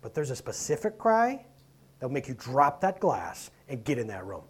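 Husky, animated preaching man. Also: mid-range voice, moderate pace. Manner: conversational preaching with rhetorical questions, swings between loud and soft. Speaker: pastor. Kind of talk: sermon.

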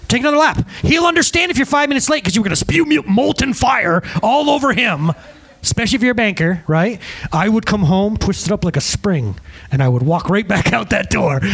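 A man preaching a sermon as pastor and counselor, talking animatedly to the congregation and acting out the conversations he quotes. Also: high voice. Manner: animated, addresses the congregation as "guys".

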